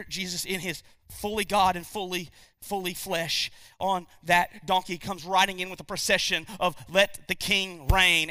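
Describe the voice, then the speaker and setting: A man's voice: fairly high pitch, pushed and bright, no room sound, studio quality. A man preaching a sermon as pastor, emphatic, repeating key lines and asking the congregation questions.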